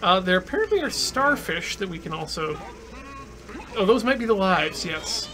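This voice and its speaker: A man's voice: high voice, very animated, normal speed, loud music behind the voice. A man playing a game on stream, chatting casually and stammering as he reacts to the action. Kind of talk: casual gameplay chat.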